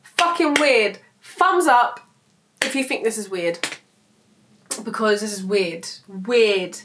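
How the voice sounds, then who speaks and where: A woman's voice: mid-range voice, takes it slowly, background noise. A woman, telling a personal story to camera in a rambling, emotional way, swearing freely. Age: 20s. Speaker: vlogger. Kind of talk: casual storytelling vlog.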